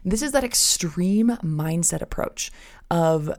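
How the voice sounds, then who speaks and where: Lively woman podcaster, gravelly low voice. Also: brisk. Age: 30s. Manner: animated, acts out inner voices in asides; addresses listeners as friends. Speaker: podcast host. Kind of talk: faith-based nutrition podcast talk.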